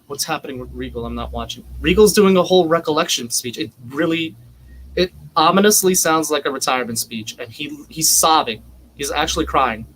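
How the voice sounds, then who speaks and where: A man co-hosting a live wrestling watch-along, reacting emotionally and excitedly as events unfold on screen. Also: on the high side, brisk, slight background noise. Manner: excitable, reacts loudly and swears; anxious, emotional live commentary.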